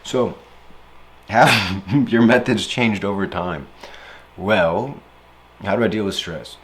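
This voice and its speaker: A young man talking casually about handling stress, playful and animated, often slipping into silly voices and acted-out quotes. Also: lowish voice, slow. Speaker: speaker reflecting on stress. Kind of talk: casual reflective monologue.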